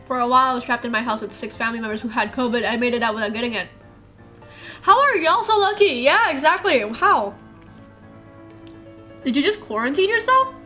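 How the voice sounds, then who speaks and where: A woman's voice: on the high side, animated, brisk, long pauses, sharp tone, soft background music. A young woman live streamer chatting casually with her viewers, laughing often.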